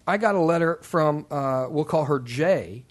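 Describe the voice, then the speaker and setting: A man's voice: fairly high pitch, animated, unhurried. A man hosting a casual talk show, rambling with fillers and laughing often, from Kansas City. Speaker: podcast host. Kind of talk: casual chat.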